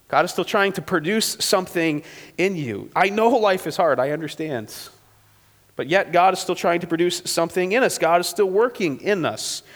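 A pastor delivering a conversational sermon, often tagging lines with "right?" and now and then acting out a quote in a sudden, high, shouted burst. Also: male voice. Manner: conversational preaching with frequent "right?" tags. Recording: long hall reverb.

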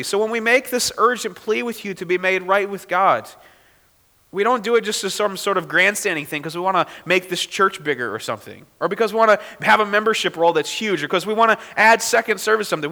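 Pastor, male, earnest and pleading sermon delivery, bright tone, big reverberant hall. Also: sits high. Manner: earnest, pleading, rising to emphatic outbursts. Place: church sanctuary.

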